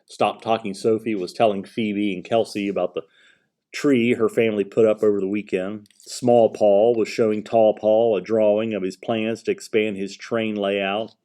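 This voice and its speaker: Guy reading a kids' chapter book, gentle and expressive, lowish mellow voice. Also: normal speed. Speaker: audiobook narrator. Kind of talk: storybook narration.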